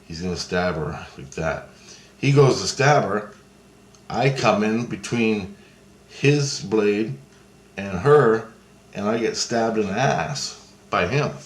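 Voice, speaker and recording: A man casually recounting a dream in a rambling, profane way, with many restarts. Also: on the low side. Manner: rambling, profane, restarts and hand-gesture talk. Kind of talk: casual spoken storytelling. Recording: roomy echo, faint ambience.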